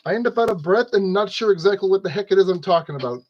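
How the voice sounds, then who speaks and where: A man's voice: high-pitched, fast talker, darkish tone, lo-fi sound, a little hiss or hum. A man narrating a model kit build in a casual, rambling way, scolding his tools and joking at his own expense. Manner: rambling, talks to objects, self-deprecating.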